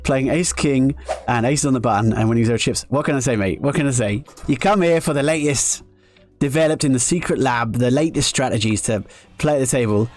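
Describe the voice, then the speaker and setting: A man's voice: medium pitch, quick pace, a little mellow, faint music behind. A man commentating his own live poker play on stream, joking sarcastically at his own expense between strategy talk. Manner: self-mocking, sarcastic joking.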